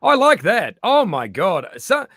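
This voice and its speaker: Australian man, middle-aged, animated, swearing, fairly high voice, lively pitch. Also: measured pace, no room sound, clean studio sound. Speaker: comedian guest. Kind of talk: casual chat.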